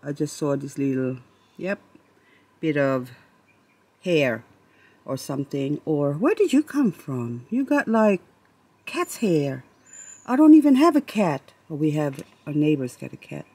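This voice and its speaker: Slow, chatty woman touring her succulents. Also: low-pitched, breathy edge, no echo. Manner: chatty and excitable, rambling, talks to her plants. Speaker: succulent grower vlogger. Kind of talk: casual plant-tour vlog. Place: among her succulent shelves. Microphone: handheld camera she moves around.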